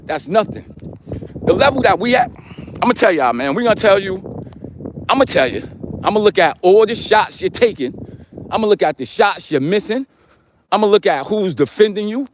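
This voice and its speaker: Middle-aged New man, livestream host; high-pitched, loose slangy delivery aimed right at his chat. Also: expressive, brisk, a little hiss or hum. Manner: slangy, repetitive, talks straight to viewers. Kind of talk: casual chat to a live chat.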